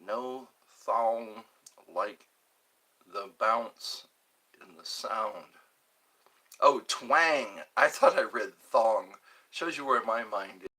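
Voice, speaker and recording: Guy rambling on his livestream, slow, kinda husky voice. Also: lowish voice, pushed and bright. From Georgia, USA. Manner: rambling, reads chat aloud, chuckles to himself. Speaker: livestream host. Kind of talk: casual live-stream chat.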